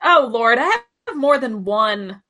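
Bright-voiced woman in casual chat. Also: fairly high pitch, animated, a little slow. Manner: chatty, questioning, reads from a list. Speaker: podcast co-host.

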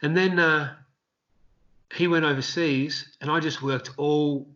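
An Australian man, a street performer, telling rambling, animated anecdotes in a casual interview. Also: fairly high pitch, takes it slowly, lo-fi sound.

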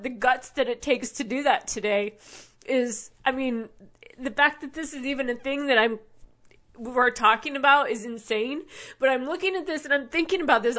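A woman with a somewhat high voice rants in a personal monologue, indignant and blunt, with swearing and frequent restarts. She talks like the regular host of her own show. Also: a bit bright. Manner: indignant, profane, rambling with many restarts.

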